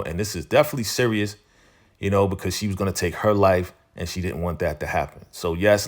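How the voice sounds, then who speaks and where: A man hosting a TV episode recap in casual spoken narration, conversational and repetitive, leaning on "you know" as he goes. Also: deep voice. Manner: conversational, repeats phrases, leans on "you know".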